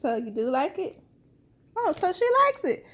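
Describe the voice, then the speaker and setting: A fairly high-voiced woman vlogger chats casually through a snack taste test. She keeps turning to viewers with "you guys" and hums over her food between remarks. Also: big pitch swings, a bit bright. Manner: talks while eating, with drawn-out "mm" sounds.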